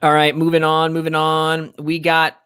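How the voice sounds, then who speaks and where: A man's voice: fairly high pitch, monotone, moderate pace, bright, forceful tone, clear, resonant tone. A young man co-hosting a casual podcast, chatting and laughing easily while ranking party foods. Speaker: podcast co-host.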